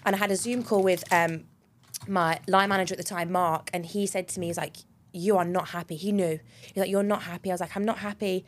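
A young woman, co-hosting a podcast and telling a personal story in a chatty, animated way, full of laughs and the odd swear word. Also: fairly low pitch, quick pace. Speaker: podcast co-host. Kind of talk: casual chat.

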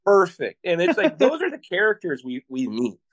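A man from Iowa, a podcast guest, telling travel stories in an animated, excitable way and laughing often. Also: high-pitched, moderate pace. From Iowa, USA. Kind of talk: casual interview storytelling.

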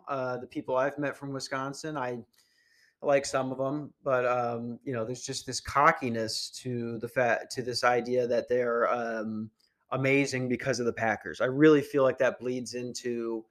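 A man's voice: medium pitch, fairly bright tone. A young man hosting a podcast, ranting casually in a crude, meandering and sarcastic way. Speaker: podcast host. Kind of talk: casual rant.

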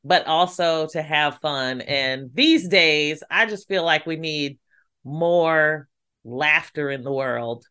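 A woman's voice: low voice, takes it slowly, pushed and bright, smooth. A woman hosting a podcast, talking casually and encouraging her guest with lots of praise. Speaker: podcast host.

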